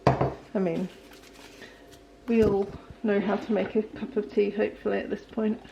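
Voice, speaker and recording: A young woman, chatting casually in a home kitchen while filming a relaxed day-in-the-life vlog, rambling with frequent ums and little laughs. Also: mid-range voice, unhurried, gravelly, muffled recording, noisy background. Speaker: vlogger.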